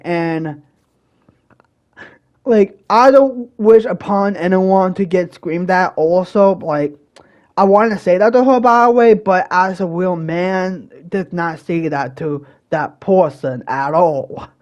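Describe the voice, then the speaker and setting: A young man hosting his own channel, telling a personal story in a rambling, casual way, with many fillers and restarts and occasional bursts of loud exasperation. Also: fairly high pitch, muffled recording. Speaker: channel host.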